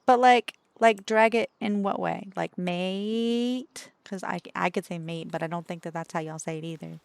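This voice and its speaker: A woman's voice: on the low side, steady tone, brisk, vocal fry, no room sound. A woman streaming as a VTuber, chatting casually and playfully with her viewers in a teasing, talkative way.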